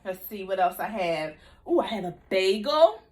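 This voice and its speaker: A woman giving a kindergarten video lesson on healthy eating, in a bouncy teacher voice with call-and-response and drawn-out repeated words. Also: medium pitch, sing-song. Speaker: nutrition educator for young children.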